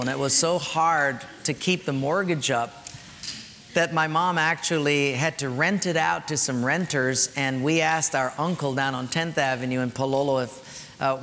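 A man's voice: medium pitch, a bit bright. A man preaching a sermon, telling a personal story with emphatic turns. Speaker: pastor. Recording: echoey hall, faint noise.

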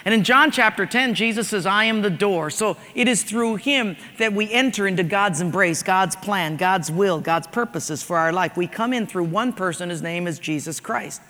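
A man's voice: high voice, normal speed, hardly any pauses, sharp tone. A man preaching a sermon in a church, talking conversationally and telling stories. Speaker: pastor. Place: church sanctuary. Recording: large hall with long reverb.

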